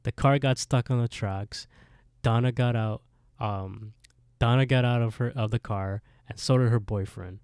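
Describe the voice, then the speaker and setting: A man's voice: medium pitch, moderate pace, clear, resonant tone, no echo, clean studio sound. A man casually recapping a TV episode, acting out the characters' lines and laughing often. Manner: animated retelling, switches between characters' lines, laughs often. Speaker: podcast co-host recapping an episode. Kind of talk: casual chat, retelling a plot with quoted dialogue.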